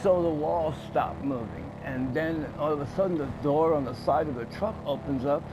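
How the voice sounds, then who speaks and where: The recording is muffled, with background noise and game music underneath. A gaming streamer with a slightly high voice, at a moderate pace, tells a rambling, profane tall tale packed with fillers, loudly acting out scenes as he plays.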